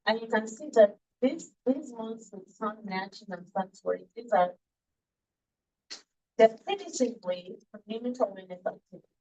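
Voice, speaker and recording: Woman instructor, mid pitch, patient classroom lecture with playful questions to students. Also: darkish tone, lo-fi sound. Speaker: early childhood education instructor.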